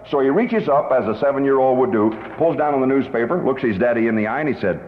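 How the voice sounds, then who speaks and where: A man's voice: mid-range voice, fast. Emphatic male sales lecturer in a hall. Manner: emphatic storyteller. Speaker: sales trainer. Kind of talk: sales seminar lecture with anecdotes. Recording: roomy hall, dull lo-fi tape.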